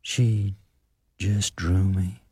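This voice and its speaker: Man voicing a haunted, halting country man. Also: deep voice, flat delivery, mellow, breathy edge, dry recording, clean studio sound, full character voice. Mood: grim. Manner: slow, halting, rustic speech. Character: haunted, gaunt rural man, subdued and grim. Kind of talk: audiobook character reading.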